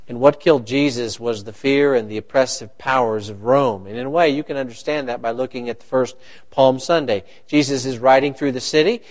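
A man preaching a sermon to his congregation, animated and joking with the listeners. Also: on the high side. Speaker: pastor.

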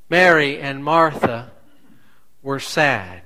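Slow-preaching pastor, higher voice. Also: male voice, a bit bright, rough recording. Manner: slow, deliberate preaching with rhetorical questions. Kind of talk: sermon.

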